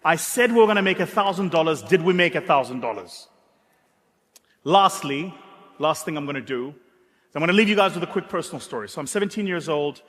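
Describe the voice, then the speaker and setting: A South African man giving a motivational keynote, an animated and dramatic storyteller with self-mocking humor. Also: on the high side, a little fast. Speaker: keynote speaker. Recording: echoey hall.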